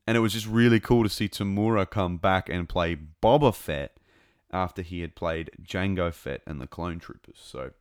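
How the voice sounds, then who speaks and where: Deep-voiced man, dry close sound, rambling fan talk. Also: normal speed, clear, resonant tone, no room sound. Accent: close to New Zealand. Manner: rambling and enthusiastic, many fillers and restarts. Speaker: podcast host. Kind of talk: casual fan commentary.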